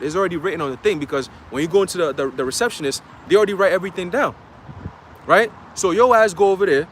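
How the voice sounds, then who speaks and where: A man's voice: high-pitched, quick pace, a bit bright, slight background noise. A man preaching an informal livestream sermon in slangy, profane street talk, often checking in with "okay?" and "you know?".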